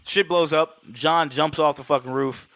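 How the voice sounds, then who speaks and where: A man co-hosting a podcast, retelling a film in a rambling, profane, animated way. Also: a little high, moderate pace, no room sound. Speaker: podcast co-host. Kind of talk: casual film recap chat.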